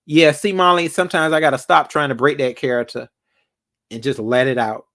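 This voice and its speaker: A man's voice: medium pitch, fairly even intonation, brisk, a bit bright. Laid-back rambling male stream host. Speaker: livestream host. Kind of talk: casual live chat with callers.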